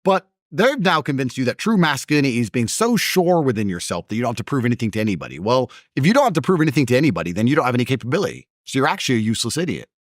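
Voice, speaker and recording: Emphatic man with swinging pitch. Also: sing-song, very fast, hardly any pauses, no room sound, clean studio sound. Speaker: interview guest. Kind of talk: heated conversational argument.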